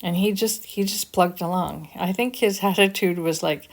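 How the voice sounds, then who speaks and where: An older woman with a slightly low voice speaks in a reflective, encouraging tone. She narrates her own vlog, earnest and motivational. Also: moderate pace, few pauses. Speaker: vlogger.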